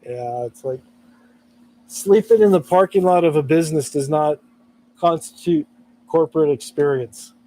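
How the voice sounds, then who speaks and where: A man from California, hoarse from allergies, chatting casually and laughing often on a live stream. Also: a little high, moderate pace, pauses often, dark tone.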